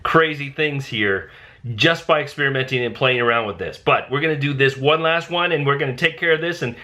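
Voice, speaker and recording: A man hosting a casual software tutorial, thinking aloud and bursting into excitement when things work. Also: medium pitch, fairly quick. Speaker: design tutorial host.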